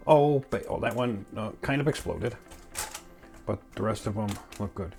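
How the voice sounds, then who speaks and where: A man's voice: on the low side, lively intonation, moderate pace, gravelly, a little mellow, faint music behind. A man hosting a casual home cooking vlog, joking and talking to himself while he bakes and eats. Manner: playful, jokey, talks to himself while cooking; eating and chewing while talking. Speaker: cooking channel host.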